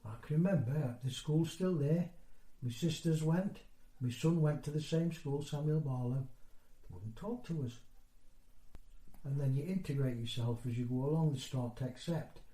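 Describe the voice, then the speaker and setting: Man in his sixties, mellow rambling storyteller. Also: a little high, moderate pace. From North East England. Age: 60s. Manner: rambling, conversational storytelling with broken-off phrases. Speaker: interviewee. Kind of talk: oral history interview. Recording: roomy echo.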